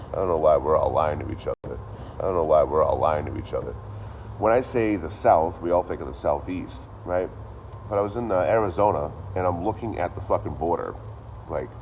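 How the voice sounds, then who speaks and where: A man's voice: rumbling low, darkish tone, slight background noise. A man streaming to a live chat, ranting casually and profanely, repeating his lines as he goes.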